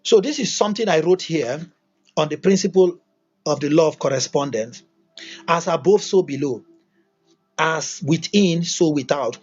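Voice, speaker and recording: Guy doing a motivational livestream, keeps repeating himself and firing questions, voice sits high, sound's kinda muffled. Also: expressive, moderate pace, a little mellow, husky, faint music behind. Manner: emphatic, repetitive, full of rhetorical questions. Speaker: motivational teacher. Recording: dull lo-fi recording.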